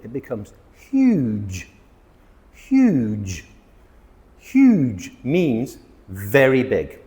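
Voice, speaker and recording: A man teaching English vocabulary to camera, excitable, stressing and repeating words as he explains them. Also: on the low side, big-room sound. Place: outdoors near palm trees.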